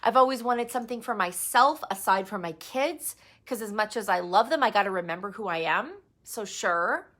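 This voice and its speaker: A woman's voice: medium pitch, lively intonation, normal speed, hardly any pauses, fairly bright tone. A woman giving a candid, emphatic motivational talk to her sales team, with fillers and mild swearing. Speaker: direct sales team leader.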